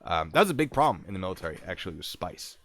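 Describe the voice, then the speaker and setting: A man casually telling a military story to his stream, animated and acting out what people said. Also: low voice, very fast, no echo. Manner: animated, acts out quotes, restarts.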